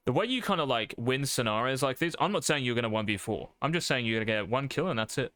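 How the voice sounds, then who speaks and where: A man's voice: medium pitch, expressive, fast talker, few pauses, fairly bright tone, no room sound. A man coaching a player over a live stream, blunt and profane, calling his student mate. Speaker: game coach.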